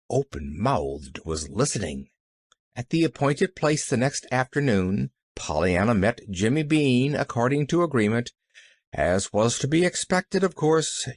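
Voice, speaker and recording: A man with a mid-range voice narrates an audiobook with expressive storytelling. The clean studio recording has no room sound.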